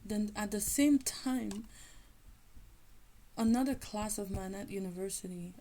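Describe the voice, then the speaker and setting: A woman telling a personal faith testimony in an animated storytelling manner, often acting out the people in her story. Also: mid-range voice, a little slow, a little hiss or hum, poor audio. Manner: animated, acts out quoted people. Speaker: faith teacher sharing a testimony.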